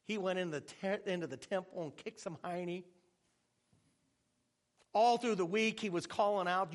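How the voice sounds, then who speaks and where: A male pastor preaching a sermon with animated delivery and joking asides, at times dropping to a hushed tone. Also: high-pitched, normal speed.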